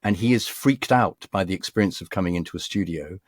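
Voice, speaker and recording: A man's voice: sits low, fairly quick, no room sound. A man who is a guest voice actor, telling rambling studio anecdotes in a casual chat. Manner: rambling anecdotal storytelling with hesitations.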